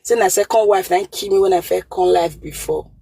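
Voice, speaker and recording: A woman's voice: fairly low pitch, a little fast, gravelly, dark tone, breathy edge, no echo, poor audio. A woman caller with a Nigerian Pidgin accent giving earnest advice over the phone, repeating her points for emphasis. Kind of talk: call-in advice.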